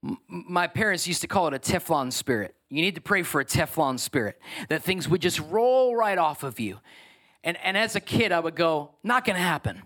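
A man preaching a sermon as pastor, emphatic and animated. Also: a little high, normal speed.

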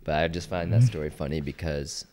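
A young man with a very low voice tells a story on a casual podcast. He talks in an animated way, acting out the other people's lines as he goes. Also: fairly quick, slight background noise. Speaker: podcast co-host.

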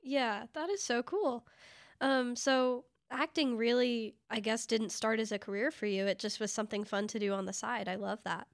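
A woman hosting an interview, upbeat and affirming, asking questions and reacting with quick agreement. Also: on the high side, fairly even intonation, dry recording, clean studio sound. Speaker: podcast host.

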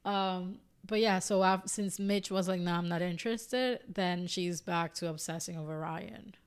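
A woman's voice: fairly low pitch, steady tone, measured pace, smooth. A woman co-hosting a podcast in casual chat, retelling scenes with quoted lines and casual swearing. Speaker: podcast co-host.

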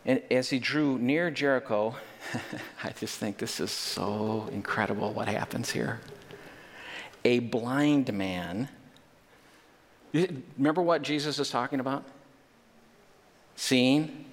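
A man's voice: medium pitch, slow, long pauses. Male pastor, emphatic sermon delivery with humorous asides, in an echoing hall. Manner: emphatic, with joking asides and rising intensity. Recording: long reverb of a large hall.

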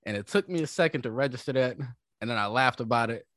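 Animated man telling stories, dry sound. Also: mid-range voice, fast, no room sound. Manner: animated, profane, acts out the people in his stories. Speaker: podcast co-host. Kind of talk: casual storytelling chat.

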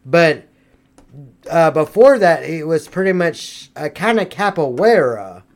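A young man hosting a casual chat, loud and joking, swearing freely. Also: fairly high pitch, big pitch swings, slow. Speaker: host.

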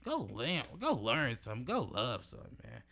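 A man's voice: medium pitch, wildly swooping pitch, moderate pace, creaky, sharp tone, soft background music. A man in his early twenties giving an emphatic, preachy motivational monologue as a podcast host, in casual slang with swearing and repeated phrases. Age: early 20s.

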